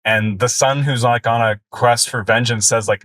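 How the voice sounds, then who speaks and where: A man's voice: medium pitch, steady tone, moderate pace, fairly bright tone, no room sound. A man co-hosting a film podcast, talking loosely about a movie with lots of fillers and easy laughs. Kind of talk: casual film review chat.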